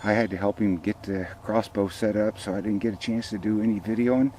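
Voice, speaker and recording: A man's voice: fairly low pitch, fairly even intonation, fairly quick, dark tone, slight background noise, low-quality recording. An older man, hosting a hunting show outdoors by a field and rambling folksily about the hunt and his sponsors. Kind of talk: casual outdoor commentary.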